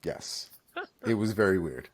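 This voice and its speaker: A man from Florida co-hosting a casual chat, telling stories with lively swearing. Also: deep voice, unhurried. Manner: animated storytelling with swearing. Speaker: co-host.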